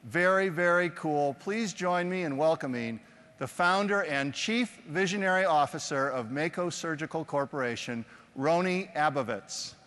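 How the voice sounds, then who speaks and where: A man's voice: a little high, normal speed, a bit bright, a little hiss or hum. A man hosting an onstage interview, jokey and loose, with lots of fillers. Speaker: host, interviewer. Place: conference stage before an audience. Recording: long hall reverb from stage.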